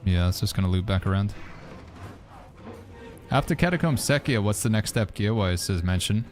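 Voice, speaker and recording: Male streamer, lower register, easygoing gaming chat, faint music bed. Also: moderate pace. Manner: relaxed, chatty, answers viewer questions while playing. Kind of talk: casual gaming commentary.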